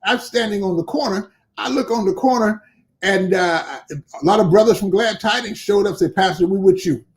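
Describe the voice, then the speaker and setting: During an interview, an older man who is a bishop and pastor tells a story at a normal pace, his voice sitting high. He acts out the quoted exchanges between the people, storytelling with lots of animation.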